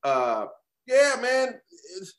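A man co-hosting a casual wrestling podcast from home, talking in an animated, profane way with many repeats and restarts. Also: extremely high pitch, very slow, echoey room. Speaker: podcast co-host. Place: home room.

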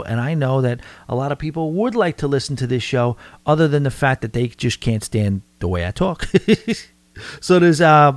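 A man with a New York accent talks his way through listener mail on his podcast, wandering off track and circling back. His voice sits at an ordinary pitch for a man. The recording is close and dry, with no room sound. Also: no echo. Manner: rambling, conversational, frequent restarts and fillers. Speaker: podcast host. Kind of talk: casual podcast monologue answering listener mail.

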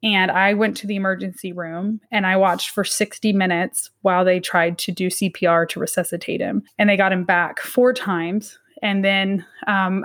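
A woman in her thirties, an academic guest in an interview, telling a personal story in an earnest, halting way with frequent restarts. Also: mid-range voice, fairly bright tone.

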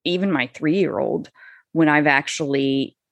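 A woman's voice: low-pitched, unhurried, creaky, dry recording. A woman who is a parent, chatting casually on a podcast in a rambling way, with lots of fillers. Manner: rambling, many fillers, acts out quotes.

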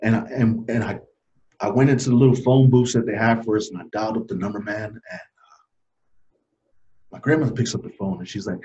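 Choked up and emotional, a man in his forties shares a personal story as a guest in an interview. His delivery is earnest and halting, sinking to a low, soft voice, heard through dull lo-fi sound.

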